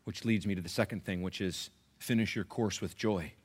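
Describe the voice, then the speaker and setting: A middle-aged male pastor preaching a sermon, swinging from loud exhortation to hushed, near-whispered pleading, with emphatic repetition and slow, drawn-out stresses. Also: on the low side, fairly even intonation, breathy edge.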